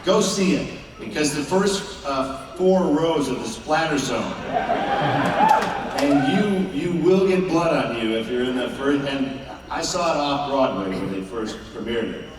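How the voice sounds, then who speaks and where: A man's voice: mid-range voice, lively intonation, measured pace. A man answering fan questions at a convention Q&A panel, teasing the audience in a sardonic way. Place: large indoor convention hall. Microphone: filmed from the audience on a far camera. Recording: echoey hall recorded from far off, crowd noise.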